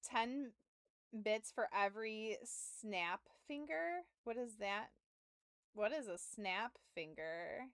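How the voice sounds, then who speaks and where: A woman's voice: fairly high pitch, animated, slow, a bit bright, clear, resonant tone, no echo. A young adult woman streaming from home, telling a story in casual chat with laughs and profanity, close to her mic. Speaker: game streamer.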